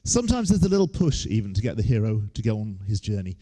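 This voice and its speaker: A man's voice: fairly low pitch, sing-song, quick pace, warm tone, slightly rough. A man, giving a humorous lecture on stage with wry, joking asides. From England.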